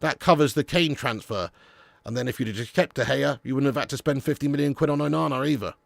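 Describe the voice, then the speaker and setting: Gravelly football-stream host. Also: male voice, mid-range voice, quick pace, no room sound. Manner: blunt and casual, swears, says "lad" and "mate". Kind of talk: live-stream fan chat reading viewer comments.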